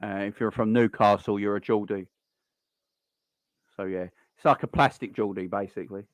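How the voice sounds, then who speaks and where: A man's voice: fairly low pitch, fairly even intonation, moderate pace, no echo. A man hosting a live football watchalong stream, chatting casually and rambling between reactions to the play and greetings to viewers.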